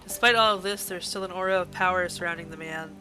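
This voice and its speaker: A woman's voice: fairly low pitch, fast, pushed and bright, soft background music. A woman streaming a game live, reading its text aloud and reacting with gushing, emotional outbursts. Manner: gushing, emotional reactions between read passages.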